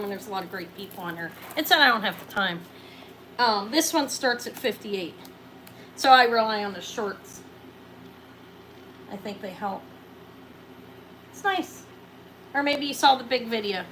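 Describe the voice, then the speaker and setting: A middle-aged woman running a live jewelry auction, chatting excitably and counting down each sale. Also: a little high, slight background noise, poor audio. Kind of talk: live-stream sales chat.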